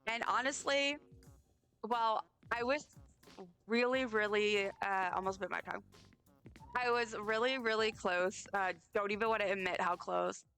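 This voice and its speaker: Woman, game streamer, tired, rambling casual chat, self-deprecating, bright crisp voice. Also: medium pitch, measured pace, soft background music. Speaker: live streamer.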